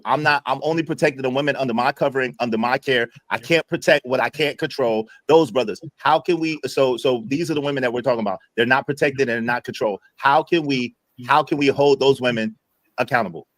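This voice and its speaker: A man's voice: mid-range voice, fast, no room sound. A man in his forties hosting a podcast debate, pressing his question insistently. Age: 40s. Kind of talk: casual debate chat.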